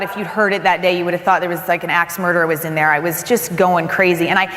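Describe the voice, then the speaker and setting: Woman giving a keynote in an echoey hall. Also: on the low side. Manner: earnest storytelling, animated retelling. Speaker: keynote speaker. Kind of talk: motivational keynote speech. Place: large conference hall.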